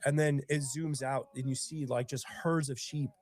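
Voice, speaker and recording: A sniffly man with bronchitis, rambling earnestly as he talks to his live-stream viewers. His voice sits at a middling pitch and sounds close and dry, with no room around it. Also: fairly even intonation, normal speed, no room sound. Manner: earnest, rambling, emotional storytelling. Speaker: singer-songwriter hosting his own live stream. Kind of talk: casual live-stream chat.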